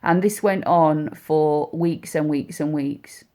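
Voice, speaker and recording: Woman, lowish voice, heartfelt personal storytelling, halting, repeats herself. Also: steady tone, darkish tone. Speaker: mother speaking about her son.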